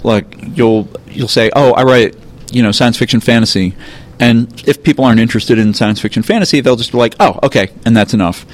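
Male podcast host, halting and dryly joking, casual. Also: mid-range voice. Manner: halting, stammering restarts, wry. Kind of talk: casual chat.

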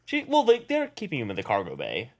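A man's voice: mid-range voice, huge pitch swings, fast talker. A man making dry, matter-of-fact quips during casual movie commentary.

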